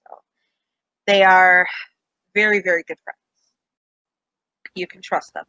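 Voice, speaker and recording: A woman's voice: on the low side, steady tone, takes it slowly, sharp tone, clean tone, no echo, lo-fi sound. A woman voicing a confident young Jedi woman who speaks earnestly to reassure her companions. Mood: reassuring.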